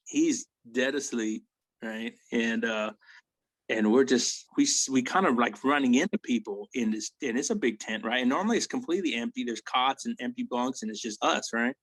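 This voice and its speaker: Blunt and quick to curse, this guest, an army veteran in his forties, rambles through casual war stories, tacking "right?" or "you know?" onto nearly each thought. The low-quality recording captures his ordinary middle pitch and fairly bright tone dry and close, without echo.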